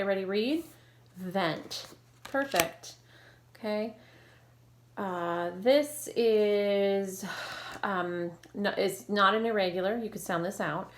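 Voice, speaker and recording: A woman teacher leading an online phonics lesson, modeling sounds clearly and slowly and praising her students. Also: mid-range voice. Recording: echoey room with faint noise.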